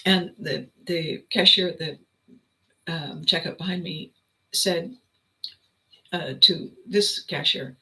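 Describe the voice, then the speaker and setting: A woman hosting a podcast, telling a story as an animated, laughing storyteller. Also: on the low side, slow, long pauses, low-quality recording. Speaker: podcast host. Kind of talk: reflective storytelling monologue.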